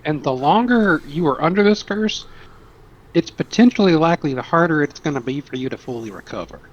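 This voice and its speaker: A man's voice: fairly high pitch, expressive, fairly quick, muffled recording, slight background noise. A man playing a tabletop game, rambling and joking. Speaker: player.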